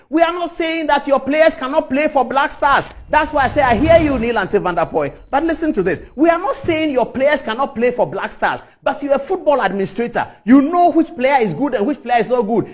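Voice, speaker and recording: Fiery high-voiced Ghanaian man. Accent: Ghanaian English. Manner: fiery, rhetorical, repeats phrases for emphasis. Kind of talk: impassioned public speech.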